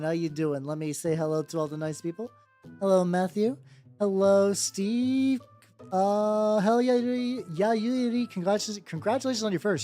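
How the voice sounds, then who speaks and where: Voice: mid-range voice, mellow. A live streamer chatting casually while painting miniatures, rambling loosely, swearing freely and greeting viewers by name over and over. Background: faint background music.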